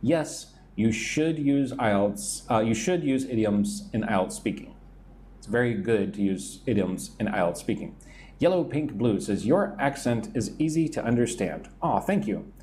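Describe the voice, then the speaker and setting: American male English teacher, live stream on a phone, chatty, responds to viewer comments, expressive pitch. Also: unhurried, slight background noise. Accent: General American. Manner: chatty, reads viewer comments aloud and answers them.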